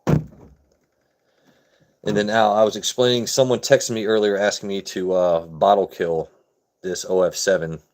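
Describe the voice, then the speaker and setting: Brief: relaxed male streamer, lowish voice, jokey, talks to chat by name. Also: moderate pace, pauses often. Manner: laid-back, joking, chats with viewers by name. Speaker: livestream host. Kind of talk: casual chat with live chat viewers.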